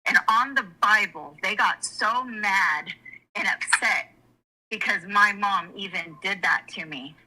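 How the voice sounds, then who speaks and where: A woman's voice: mid-range voice, slow, bright, forceful tone, low-quality recording. A middle-aged woman, candidly telling a personal story in conversation, frank and emotional and often rambling with restarts. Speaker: guest.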